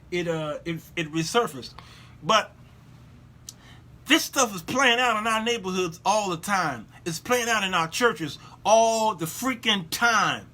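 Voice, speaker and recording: A male show host giving preachy, sarcastic commentary, animated and repetitive. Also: sits high.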